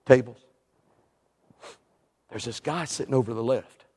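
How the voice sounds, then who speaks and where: A male evangelist, telling an animated story in a sermon and acting out the people in it. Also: mid-range voice, normal speed, husky. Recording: long reverb in a large hall.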